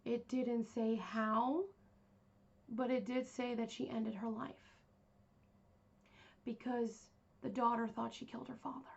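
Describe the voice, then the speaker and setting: A woman's voice: fairly high pitch, flat delivery, takes it slowly, gravelly, pauses often, lo-fi sound. A woman hosting a true crime podcast, telling the story in a casual, rambling way with lots of fillers. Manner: rambling, chatty, with many fillers.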